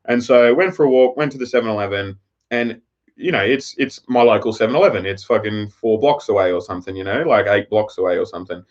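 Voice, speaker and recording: A man's voice: fairly low pitch, quick pace. A man with an Australian accent chatting on a live stream, telling a rambling, profane story. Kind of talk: casual live-stream chat. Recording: slightly dull lo-fi audio.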